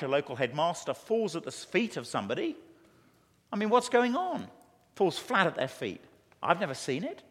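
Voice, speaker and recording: A man with an English accent preaching a conference sermon, telling stories and acting out quotes in an animated way. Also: a little high. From England. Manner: animated, storytelling with acted quotes. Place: large conference hall. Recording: long hall reverb.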